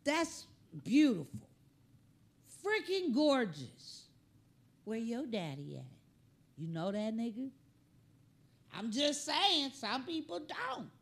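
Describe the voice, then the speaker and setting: A woman hosting a comedy reaction show, riffing on clips in an animated, joking, slangy way. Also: fairly high pitch, takes it slowly, gravelly, long pauses.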